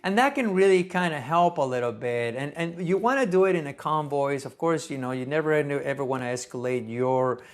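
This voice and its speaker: A man, a neonatologist, giving earnest, conversational teaching advice in a gentle tone. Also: fairly high pitch, a little fast, few pauses. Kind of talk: casual teaching talk.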